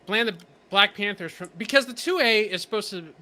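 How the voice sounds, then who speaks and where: A man's voice: sits high, lively intonation, fairly quick, sharp tone. A man co-hosting a podcast over a video call, earnestly explaining his views. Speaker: podcast co-host. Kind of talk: casual chat. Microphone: home mic on a video call.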